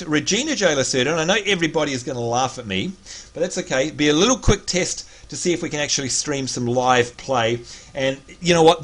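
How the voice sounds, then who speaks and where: A man's voice: on the high side, fairly bright tone. An Australian man hosting a live game stream, chatting casually and reading out viewer names in an upbeat way. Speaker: stream host.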